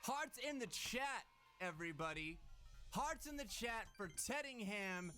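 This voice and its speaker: A man chatting on a live stream, thanking viewers and breaking into excited shouted exclamations. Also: high voice, a little slow, soft background music.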